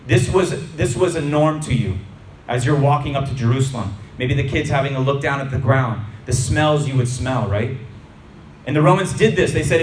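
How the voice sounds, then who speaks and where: A man's voice: mid-range voice, normal speed, far from the mic, a little hiss or hum. A male preacher reading and explaining scripture to a congregation, speaking conversationally and emphatically, addressing them directly. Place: church hall before a congregation. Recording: roomy hall with faint ambience.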